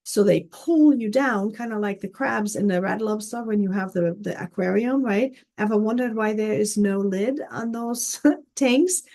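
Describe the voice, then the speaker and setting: A woman's voice: medium pitch, moderate pace, warm tone. A woman life coach teaching in an earnest, casual way, often checking in with "okay?" and "right?". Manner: earnest, repeats words, frequent "okay?" and "right?".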